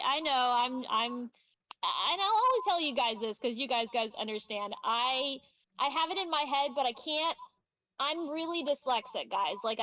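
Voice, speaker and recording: A woman chatting on a reading stream, self-conscious and halting, often restarting her sentences. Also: on the high side, sharp tone. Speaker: guest reader. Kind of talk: casual reading stream chat.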